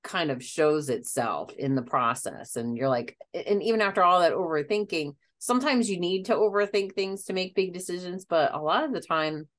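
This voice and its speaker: Chatty woman, kinda low voice, just talking casually, laughs easy. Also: moderate pace, few pauses. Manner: chatty storyteller, breaks into laughter. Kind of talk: casual conversation.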